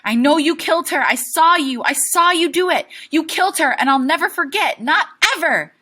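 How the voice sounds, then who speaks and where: A woman reading a desperate twelve-year-old boy's lines aloud, pitched high and loud as he screams and pleads. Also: lively intonation, brisk. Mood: screaming, frantic.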